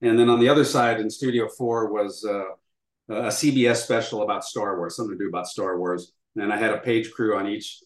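An older man with a fairly low voice tells a story to an interviewer. He acts out bits of dialogue and leans on fillers as he goes. His voice rings in a noticeably roomy space. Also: fairly even intonation, fairly quick. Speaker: interview guest. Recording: roomy echo.

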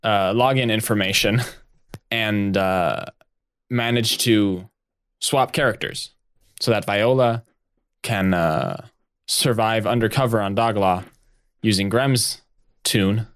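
Tabletop player rambling along, mid pitch, dry close mic. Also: slow pace, long pauses, clean tone, no echo. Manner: rambling, laughing, many restarts. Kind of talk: tabletop game play.

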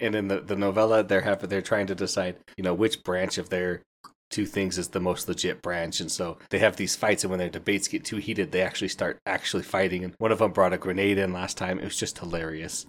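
A man with a low, deep voice hosts a book podcast. He talks through a spoiler review in a loose, chatty way. He laughs at the funny parts and slips into quoted lines from the characters.

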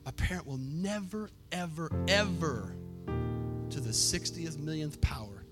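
A man preaching a sermon to his church, impassioned, swinging from soft reflection to near-shouted, chanted exhortation. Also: on the high side, animated, a little slow, over loud music. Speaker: pastor. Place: church sanctuary.

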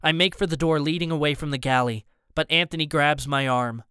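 Smooth, dry first-person audiobook narrator. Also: male voice, a little high, steady tone, fairly quick, sharp tone, no echo.

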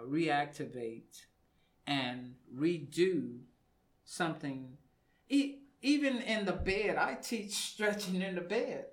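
A man, a fitness coach and studio guest, explaining exercise in casual radio talk and repeating words for emphasis. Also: a little high.

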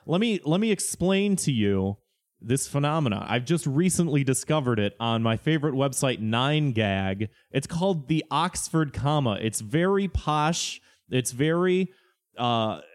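A man's voice: fairly high pitch, lively intonation, a little slow. A man putting on the voice of a pompous, condescending grammar snob who drags out his insults. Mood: sneering.

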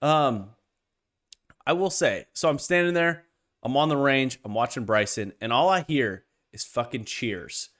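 A man co-hosting a golf podcast, telling a story in casual chat with heavy swearing and animated delivery. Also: mid-range voice, unhurried. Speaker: podcast co-host.

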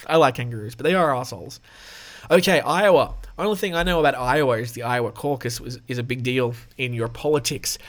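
A man's voice: medium pitch, a bit bright. A man hosting a casual podcast, reading notes aloud with off-the-cuff asides, swearing and laughing as he goes. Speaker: podcast host.

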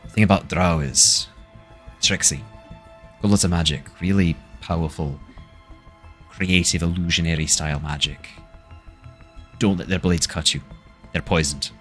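Brief: man doing a small gruff gnome, low, clipped, folksy warnings. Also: steady tone, a little slow, pauses often, faint music behind. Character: small wary deep gnome, blunt advisor.

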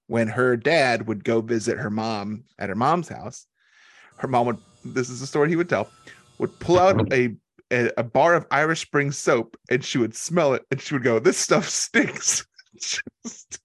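A man with a medium-pitched voice tells a rambling story casually, as a podcast co-host. The sound is dry and close. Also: moderate pace, no room sound.

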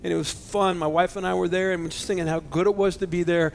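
A man preaches with a high, lifted voice, his delivery swinging from loud, excited exclamations to soft, hushed near-whispers. He sounds emotional and fervent, and a faint low rumble sits underneath the recording. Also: quick pace, vocal fry. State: choked up with emotion. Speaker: pastor. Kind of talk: sermon.

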